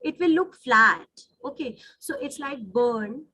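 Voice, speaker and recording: A woman's voice: high voice, measured pace, bright, forceful tone, dry recording, poor audio. A woman giving an online lecture on phonetics, explaining and checking in often with the listeners. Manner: explanatory, frequent "right?" and "you know" checks. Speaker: English phonetics teacher.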